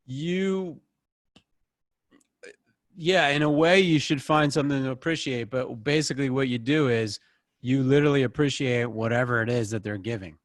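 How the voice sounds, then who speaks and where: A man's voice: mid-range voice, moderate pace, no echo, clean studio sound. A man leading a group session over a video call, talking in a casual, rambling, encouraging way.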